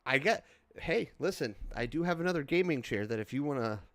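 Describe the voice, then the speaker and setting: A man's voice: medium pitch, expressive, fairly quick, fairly bright tone, no room sound. A man co-hosting a casual chat podcast, joking around in a playful way. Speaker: podcast co-host.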